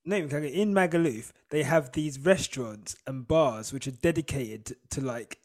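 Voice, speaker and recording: A British man co-hosting a podcast, chatting in an animated way and often breaking into laughter. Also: mid-range voice, normal speed. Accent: British English. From Britain. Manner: animated, laughing, mimics voices. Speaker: podcast co-host. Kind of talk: casual chat.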